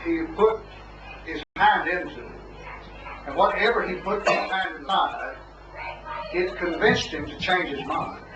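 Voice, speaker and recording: A man presses his opponent with probing, challenging questions, his voice pitched a little high. He is heard from some distance in an echoey room. The old recording has noticeable background noise. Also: unhurried, pauses often. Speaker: missionary debater. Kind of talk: debate questioning.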